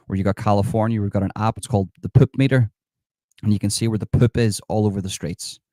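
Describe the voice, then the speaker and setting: A man's voice: lowish voice, mellow, no echo, studio quality, natural voice. A man doing a sarcastic impression of a smug, mock-outraged politician, mocking comments in a live stream. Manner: sarcastic, mocking, reads comments and scoffs at them.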